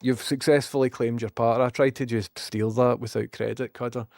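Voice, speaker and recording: A man's voice: mid-range voice, flat delivery, fairly quick, vocal fry, darkish tone, no echo, studio quality. A man with a Scottish accent, ranting sarcastically and rambling as he chats to his live-stream viewers, swearing freely. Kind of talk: casual live-stream rant.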